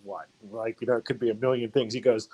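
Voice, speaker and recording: A man's voice: mid-range voice, level tone, fast, dark tone, poor audio. Rambling man telling old stories. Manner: rambling, many fillers and restarts. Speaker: fraternity brother sharing memories. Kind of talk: casual storytelling.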